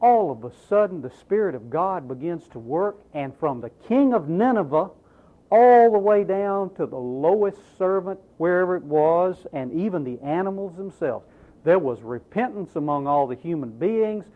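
A man's voice: high voice, animated, normal speed. A man preaching a sermon with emphatic delivery and rhetorical questions to the congregation. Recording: tinny, phone-like narrow sound.

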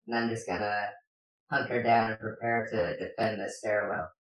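A player in a tabletop game stating moves in a low, matter-of-fact way. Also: fairly even intonation, normal speed, echoey room, rough recording.

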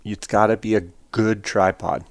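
A man's voice: lowish voice, steady tone, moderate pace, creaky, dry recording. A man hosting a hunting talk show, giving advice in short, emphatic, repeated phrases and acting out quoted exchanges. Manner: acts out quoted exchanges with a raised voice. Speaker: hunting podcast host. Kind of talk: casual chat.

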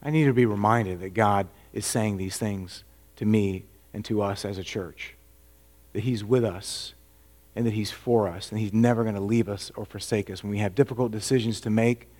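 A man preaching a sermon as a pastor, earnest and full of rhetorical questions, dropping to a hush and then rising to emphatic points. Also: lowish voice, steady tone, moderate pace.

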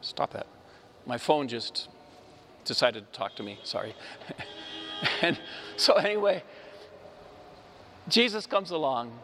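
A man giving a Sunday homily, retelling a story with lively, acted-out voices and frequent laughs. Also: a little high, slow pace, pauses often, big-room sound, faint music behind. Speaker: preacher. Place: church.

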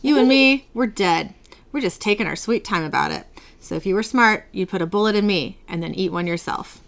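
A woman's voice: medium pitch, expressive, a little fast, gravelly. A woman playing a sneering zombie man. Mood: taunting.

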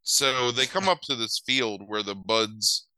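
A man's voice: fairly low pitch, lively intonation, unhurried, pushed and bright, no echo, poor audio. A man recapping a movie in a loose, sarcastic chat, swearing casually and using many filler words.

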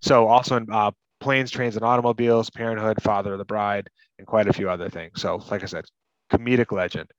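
Rambling man, low voice, dull dry sound. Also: steady tone, a little fast, no room sound. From Massachusetts. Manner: rambling, lots of fillers like "like" and "you know". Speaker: podcast co-host. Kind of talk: casual movie podcast chat.

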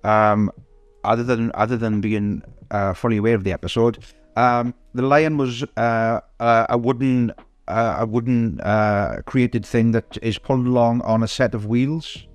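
A man's voice: mid-range voice, steady tone, measured pace, hardly any pauses, smooth, dry recording. A man chatting on a podcast, hesitating often with ums and uhs as he feels his way through each point. His voice sits in the middle range and is recorded dry and close, with faint music underneath. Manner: hesitant, lots of ums and restarts. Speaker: podcast co-host. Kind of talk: casual chat.

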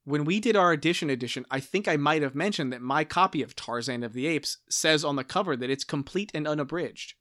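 A man's voice: fairly high pitch, a little fast, hardly any pauses, fairly bright tone, dry recording, studio quality. A man co-hosting a casual book podcast, earnest and apologetic, often restarting his sentences. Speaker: podcast co-host.

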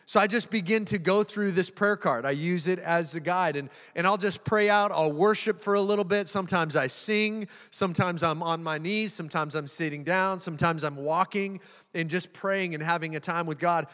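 A man's voice: high voice, normal speed, a bit bright. A man preaching a sermon as a pastor, moving into spoken prayer and repeating words as he builds emphasis. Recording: long hall reverb.

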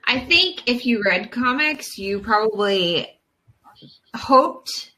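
This woman co-hosts a podcast during a movie watch-along, chatting casually and thinking aloud with plenty of fillers. Her voice sits a little high, pushed and bright, with lively intonation and a slow pace, and the recording is rough.

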